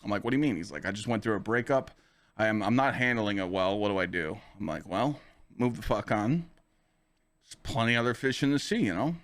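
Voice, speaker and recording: A man's voice: fairly low pitch, fairly quick. A man hosting a podcast, telling a story in a casual, profane way, full of filler phrases. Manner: animated, profane, full of "you know" fillers. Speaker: podcast host and streamer.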